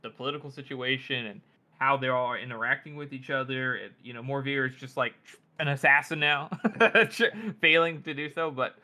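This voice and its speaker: A man co-hosting a casual book podcast, giving his opinion in a hesitant, halting way. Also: mid-range voice, fairly even intonation, bright, forceful tone. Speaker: podcast co-host. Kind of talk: casual book-discussion chat.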